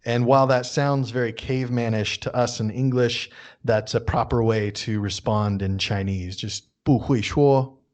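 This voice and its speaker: A man's voice: medium pitch, steady tone, darkish tone. American-sounding man teaching phrases casually. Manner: explains patiently, repeats phrases slowly. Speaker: podcast co-host. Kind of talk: casual chat.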